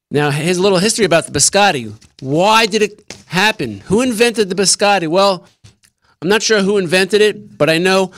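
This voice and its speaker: A man's voice: fairly high pitch, fairly bright tone, no room sound, studio quality. A man hosting a casual live-stream show from his desk, rambling and joking as he explains a recipe. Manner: rambling, jokey, talks with mouth full. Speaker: show host. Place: small room at a desk.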